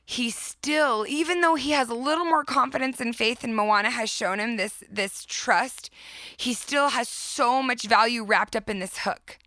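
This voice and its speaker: A woman's voice: a little high, a little slow, bright, forceful tone, no room sound. A woman hosting a podcast, retelling a story with heartfelt enthusiasm in a casual, reflective way. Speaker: podcast host.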